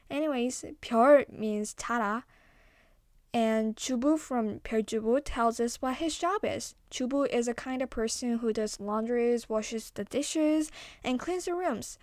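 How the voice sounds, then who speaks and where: A woman's voice: fairly high pitch, moderate pace, darkish tone, no room sound, studio quality. Chatty young woman telling a folktale. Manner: chatty, self-interrupting, playful. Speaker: storyteller. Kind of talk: casual storytelling with asides.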